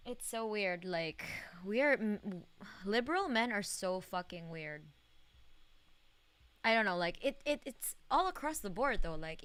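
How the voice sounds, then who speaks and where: A woman's voice: on the low side, a bit bright, clean tone, dry recording. A young woman streaming a video game, chatting casually in a rambling way, full of fillers and swearing and laughing often. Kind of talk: casual live-stream gaming chat.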